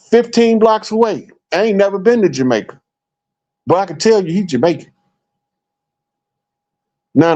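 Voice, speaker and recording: Animated storytelling man, higher voice. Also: dull audio. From Chicago. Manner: animated storyteller, acts out quoted remarks. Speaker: guest speaker. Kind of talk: casual storytelling talk.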